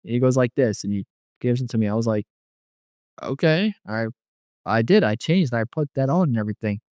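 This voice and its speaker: A man's voice: mid-range voice, quick pace, mellow, no room sound, studio quality. A man telling his near-death experience in casual testimony, rambling with many "like" fillers and quoting what was said to him.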